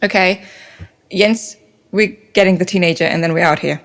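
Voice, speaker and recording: A woman's voice: fairly low pitch, moderate pace, fairly bright tone. A woman playing a tabletop game, tentative and full of questions. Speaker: player.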